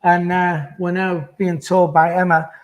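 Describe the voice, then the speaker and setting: Rambling Northeast English fan host. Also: male voice, sits high, little pitch movement, unhurried. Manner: rambling with many fillers. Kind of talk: casual post-match chat.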